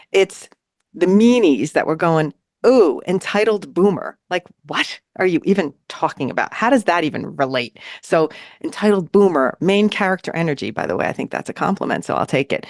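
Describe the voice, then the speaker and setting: A woman co-hosting a podcast in casual chat, telling a story in an animated way and acting out what people said. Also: fairly low pitch, no echo, studio quality. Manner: animated, acts out quoted lines. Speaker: podcast co-host. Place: New York City.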